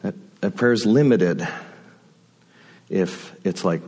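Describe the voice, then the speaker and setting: A man's voice: deep voice, takes it slowly, dark tone, breathy edge. A man giving a sermon from a church pulpit, conversational and reflective, with folksy asides. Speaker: guest speaker at the pulpit. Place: church sanctuary.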